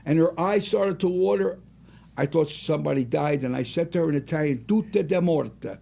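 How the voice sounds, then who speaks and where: A man around seventy, a singer and restaurant owner, telling rambling, animated stories as a guest in a casual interview. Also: on the high side, brisk, creaky. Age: about 70.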